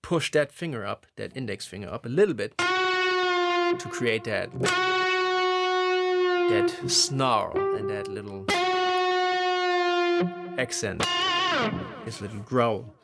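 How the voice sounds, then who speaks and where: A man teaching lead guitar phrasing, explaining in a relaxed, conversational way. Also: mid-range voice, slow pace, long pauses. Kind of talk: instructional explanation. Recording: loud guitar playing behind voice. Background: electric guitar playing.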